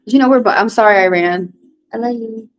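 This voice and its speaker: A woman's voice: fairly high pitch, fairly quick, low-quality recording. A woman doing a casual livestream tarot card reading, talking bluntly and profanely with rambling asides.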